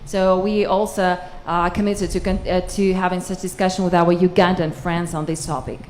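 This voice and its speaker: A woman interpreting a speaker's answers into English at a press conference, steady with some hesitations. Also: lowish voice, normal speed, a little hiss or hum. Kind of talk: consecutive interpreting.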